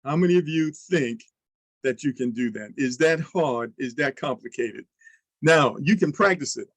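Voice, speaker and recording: A man leading an online sales training, coaching listeners with energetic questions and example pitches. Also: normal speed, no room sound, poor audio.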